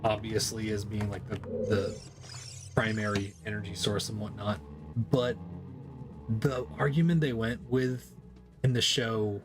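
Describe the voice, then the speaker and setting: A man's voice: lowish voice, fairly even intonation, a little slow, pauses often, music in the background. Rambling, profane male game streamer. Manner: rambling, profane, frequent laughs. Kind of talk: casual chat while gaming.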